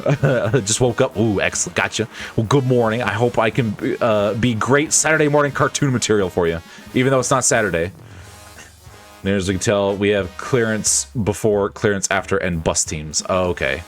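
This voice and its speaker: A man's voice: fairly low pitch, normal speed, faint music behind. A man streaming a game, reading its dialogue aloud and joking with his chat between lines in a playful, chuckling way.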